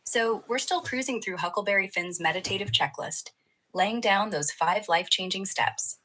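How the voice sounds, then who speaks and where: A woman's synthetic assistant voice answers in a playful, slangy, flattering way. Her tone is bright and upfront, with a husky, breathy edge. She keeps the chat light and easygoing throughout. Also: mid-range voice, moderate pace, low-quality recording. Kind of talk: upbeat conversational replies.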